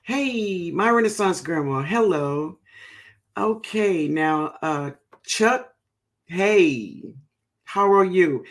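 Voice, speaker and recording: Slow, gravelly New woman. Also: on the low side. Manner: affectionate, calls viewers baby and honey. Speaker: host of a gardening livestream. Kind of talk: casual livestream chat greeting viewers.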